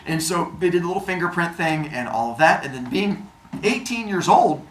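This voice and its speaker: A man telling a personal story in a casual way, acting out the other people's lines in an animated manner. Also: on the high side, moderate pace. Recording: roomy echo, faint noise.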